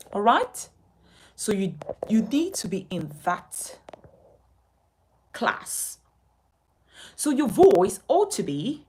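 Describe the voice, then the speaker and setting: A woman's voice: mid-range voice, husky, poor audio. A woman from Nigeria teaching a speaking lesson as a communication coach, emphatic and instructive, repeating her key points.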